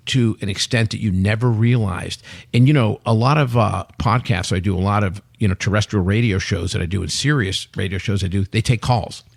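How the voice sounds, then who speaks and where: A man in his sixties talks as a podcast guest with a low, gravelly voice. He races through animated stories and acts out what people said. The sound is dry and close. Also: no room sound. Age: 60s. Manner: animated storyteller, acts out quotes. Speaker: company CEO, guest. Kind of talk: podcast interview chat.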